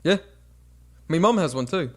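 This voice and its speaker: A man's voice: a little high, animated, moderate pace, slight background noise. Young man with a British-American accent. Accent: mixed British and American. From United Kingdom. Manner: hesitant, many fillers and restarts. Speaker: podcast host. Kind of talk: casual chat.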